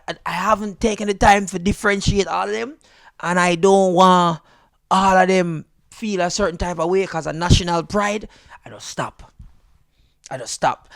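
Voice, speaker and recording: A Jamaican man with a fairly high, gravelly voice, telling a story with lots of energy. He jumps up into high voices when he quotes people, and the sound is close and dry. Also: fairly bright tone, no echo. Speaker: comedian guest. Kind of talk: animated storytelling.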